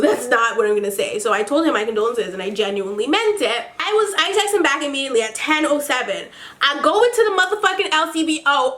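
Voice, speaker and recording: A woman with a high, bright voice tells a storytime vlog. She talks casually and with lots of animation, swearing freely and tossing in quick asides. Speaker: vlogger.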